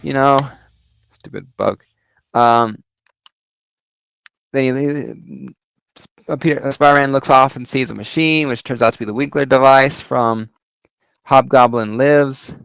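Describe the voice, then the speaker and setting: A man's voice: mid-range voice, fairly even intonation, measured pace, gravelly, pauses often, a bit bright, smooth, dry recording, low-quality recording. Casual male reviewer, filler-heavy recap, dry close sound. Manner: rambling recap full of "you know" and "uh". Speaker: comic book reviewer.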